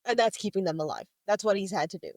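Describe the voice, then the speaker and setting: Animated woman chatting about a book. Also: mid-range voice, fast, dry recording, rough recording. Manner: animated, retells scenes with quoted lines and laughs. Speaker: podcast co-host. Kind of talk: casual book discussion.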